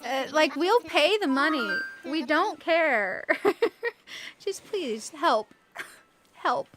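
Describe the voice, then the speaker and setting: This woman's high, expressive voice stretches out her words, with background noise present. While streaming a game, she chats informally, reads chat messages out loud, and rants playfully, giggling a lot.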